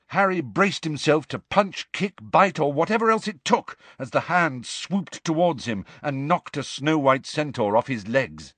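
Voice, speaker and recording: A man narrating an audiobook in a measured, dramatic storytelling manner. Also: mid-range voice, fairly bright tone, no room sound. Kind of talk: scripted narration.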